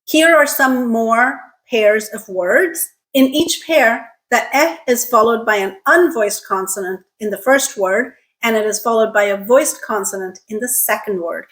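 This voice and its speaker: A woman teaching an online pronunciation lesson, enunciating carefully, drilling sounds slowly and checking in with "okay?". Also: a little high, fairly bright tone.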